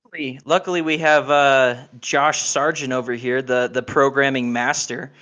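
A man talks as a guest in a relaxed conversation, his mid-pitched voice working through his thoughts in halting starts. He repeats words and pauses with fillers as he goes. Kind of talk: casual chat.

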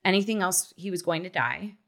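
A woman in her thirties telling a personal story in casual chat, acting out quotes with lively shifts. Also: fairly low pitch, fairly quick. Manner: animated storyteller who acts out quotes. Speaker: guest, mother.

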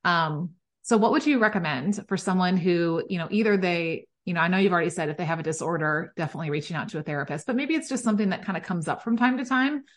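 A woman's voice: fairly low pitch, quick pace, few pauses. A woman hosting a podcast, asking friendly, curious questions with plenty of fillers. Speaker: podcast host. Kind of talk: conversational podcast interview.

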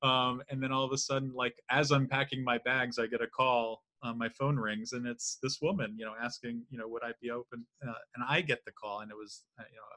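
A man hosting a laid-back interview in a bright, forceful voice. He asks long, rambling questions and often trails off into quiet fillers. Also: medium pitch, flat delivery, fairly quick, few pauses. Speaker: podcast host. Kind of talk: casual interview chat.

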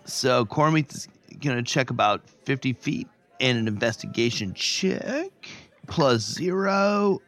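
Male player, casual and joking, animated voice. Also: medium pitch, measured pace. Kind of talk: casual tabletop play.

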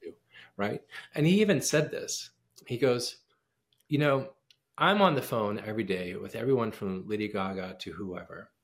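Man with a gravelly voice telling a lively story. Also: lowish voice, normal speed. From United States. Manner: animated storyteller acting out quoted dialogue. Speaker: pianist and composer, guest. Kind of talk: casual interview storytelling.

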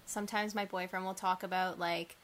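This young woman's voice sits on the low side and moves briskly, with a little hiss or hum in the recording. Co-hosting a casual podcast chat, she tells stories in an animated, exaggerated, giggly way.

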